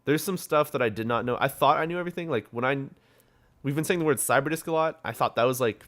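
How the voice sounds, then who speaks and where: A man's voice: mid-range voice, fast, fairly bright tone. A young man co-hosting a casual gaming podcast, rambling through stories, laughing often and swearing freely. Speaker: podcast co-host.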